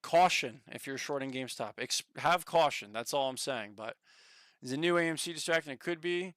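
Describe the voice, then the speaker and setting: A man casually chatting on a stock market livestream, excitable, swearing now and then and reading the chat aloud. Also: medium pitch, brisk, dry recording.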